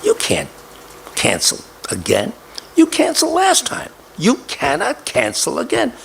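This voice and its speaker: A man's voice: huge pitch swings, brisk, gravelly, fairly bright tone, a little hiss or hum, exaggerated voice. An older man voicing his insistent wife in a raised, scolding tone. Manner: emphatic, pitch jumps up.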